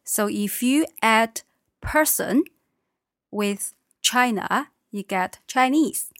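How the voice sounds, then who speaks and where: A woman's voice: fairly high pitch, takes it slowly, a bit bright, no echo, studio quality. A woman teaching a language lesson, patiently explaining what words mean in plain terms.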